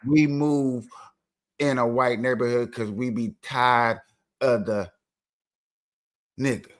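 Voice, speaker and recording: A man's voice: medium pitch, fairly even intonation, takes it slowly. A man in a casual heated debate on a live stream, talking emphatically and repeating himself to get the floor.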